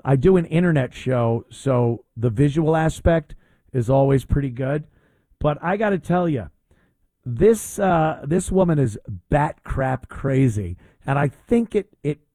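Mocking male talk host, lively pitch. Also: dry recording. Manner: mocking, rambling with fillers. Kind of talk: opinionated talk show monologue.

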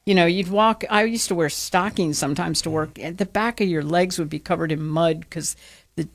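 A woman's voice: lowish voice, normal speed, vocal fry. An American woman co-hosting a talk show, chatting casually and acting out the stories she tells. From United States. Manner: animated storyteller, acts out quotes. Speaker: talk radio co-host. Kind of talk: casual chat.

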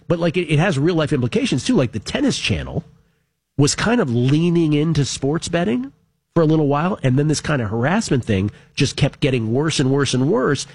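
A man's voice: a little high, sing-song, brisk, a little mellow, husky, no room sound. A man co-hosting a sports talk show, chatting casually and animatedly, often repeating words as he starts a sentence. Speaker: co-host. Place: radio studio.

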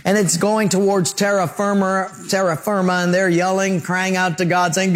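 A male pastor preaching a sermon, telling vivid stories with lively emphasis. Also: sits high, normal speed, hardly any pauses. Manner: animated storytelling preacher.

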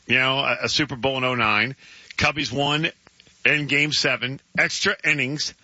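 A man's voice: mid-range voice, sharp tone, dry recording. A man co-hosting sports radio in casual banter, emphatic, with stammering restarts. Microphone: studio microphone. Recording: dry, slightly dull radio studio sound.

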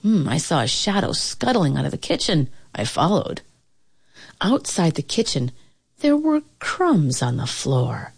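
A woman reading a children's storybook aloud in an expressive, playful way, slowing down for effect. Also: low-pitched, vocal fry, breathy edge.

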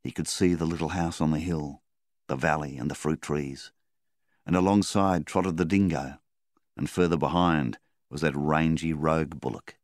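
A man with a very deep voice narrates a story at a calm, measured pace. The recording is close and dry, with no room sound. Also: dry recording. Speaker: story reader. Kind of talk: audiobook narration.

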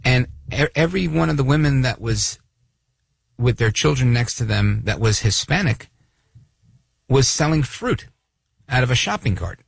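A man hosting a talk radio show, giving sarcastic, animated commentary. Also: medium pitch, moderate pace, vocal fry, pauses often, breathy edge, dry recording. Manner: sarcastic, animated, acts out voices of others.

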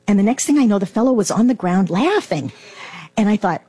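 Middle-aged woman telling a lively testimony. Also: medium pitch, a little fast, breathy edge. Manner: animated storyteller, acts out quotes. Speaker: guest. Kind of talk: personal testimony.

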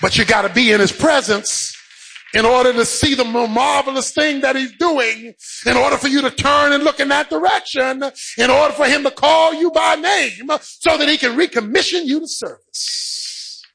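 A man preaching a sermon, swinging between shouted, sing-song peaks and quieter stretches. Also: very high-pitched, normal speed, vocal fry, low-quality recording.

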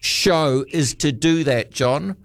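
A man's voice: a little high, slow, no room sound. A middle-aged man with a New Zealand accent hosting radio talkback, teasing a caller and talking over him. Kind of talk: casual talkback chat.

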